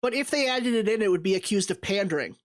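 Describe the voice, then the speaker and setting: Co-host, casual film chat, reflective and halting, medium pitch. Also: expressive. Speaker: podcast co-host.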